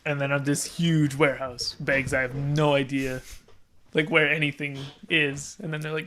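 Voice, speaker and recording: A man's voice: fairly high pitch, flat delivery, moderate pace, fairly bright tone, a little hiss or hum. A man casually telling a long story as a podcast guest, rambling with lots of "like" and restarts and laughing as he goes.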